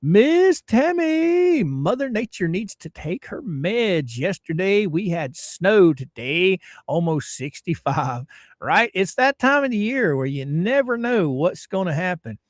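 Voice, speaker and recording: A middle-aged man from Florida, hosting a casual livestream and greeting his viewers in a folksy, drawn-out way. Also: high voice, no room sound, clean studio sound. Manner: folksy, drawn-out greetings, lively ups and downs. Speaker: livestream host.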